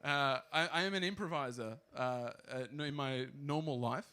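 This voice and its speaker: A man's voice: on the high side, moderate pace, pushed and bright, slight background noise. A young Australian man from Queensland telling a rambling, self-deprecating stand-up story with lots of fillers. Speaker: stand-up comedian.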